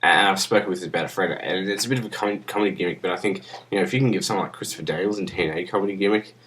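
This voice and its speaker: A man's voice: sits low, rapid-fire, a bit bright. A young man rambling crudely and profanely into a webcam in a casual vlog, sounding drunk. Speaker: vlogger.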